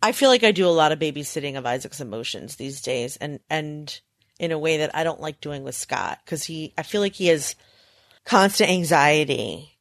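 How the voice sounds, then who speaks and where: A woman co-hosting a podcast in casual chat, telling stories animatedly and acting out a panicked child in high squeals. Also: lively intonation, moderate pace, no room sound, clean studio sound. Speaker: podcast co-host.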